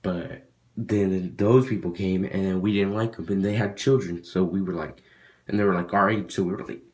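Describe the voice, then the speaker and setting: A man's voice: deep voice, fairly even intonation, normal speed. Rambling young man telling a story. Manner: rambling, lots of fillers and restarts. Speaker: vlogger. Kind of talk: casual storytelling.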